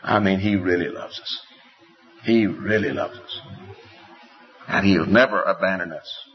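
A man's voice: a little slow, a little hiss or hum. Impassioned male preacher, dull recording. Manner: impassioned, questioning, sweeping pitch. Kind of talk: sermon.

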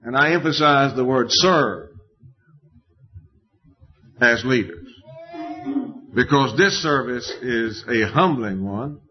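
Slow, deliberate male preacher. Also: mid-range voice. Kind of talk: sermon. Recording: dull lo-fi recording.

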